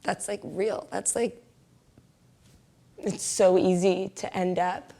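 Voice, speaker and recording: A young woman tells a personal story in a loose, chatty way, filling her speech with "like" and breaking into laughter often. Her voice sits at an ordinary middle pitch, and at tender moments it falls to a soft whisper. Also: fairly even intonation, slow, gravelly. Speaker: interviewee.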